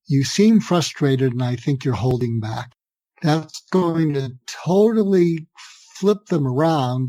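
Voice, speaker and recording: A man's voice: a little high, warm tone, no echo. An older man, a psychiatrist, giving advice in an earnest conversational way, often restarting his phrases and acting out sample dialogue. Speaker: psychiatrist guest. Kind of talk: conversational podcast interview.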